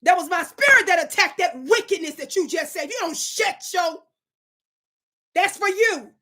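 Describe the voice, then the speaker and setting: A woman's voice: very high-pitched, animated, normal speed, pushed and bright. A woman hosting her own online show, talking to her live chat in an emphatic, preacher-like way and scolding commenters.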